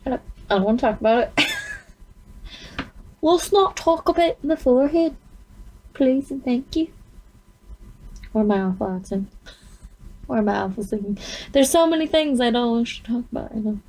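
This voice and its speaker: A woman's voice: a little high, animated, moderate pace, pauses often, a little mellow, low-quality recording. A woman talking to herself while trying on makeup, rambling and giggling at her own expense. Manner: giggly, self-mocking, rambling. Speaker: vlogger. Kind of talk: casual self-talk while doing makeup.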